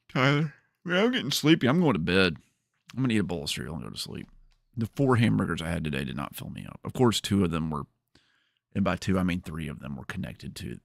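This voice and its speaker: This streamer host has a deep, creaky voice, captured in studio quality without any echo. He rambles through casual chat and jokes aimed at his livestream viewers.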